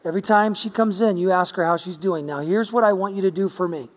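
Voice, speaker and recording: A man's voice: sits high, fast, natural voice. A man voicing a cheerful middle-aged man who insistently coaches his mother, in a church hall. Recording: long church-hall reverb.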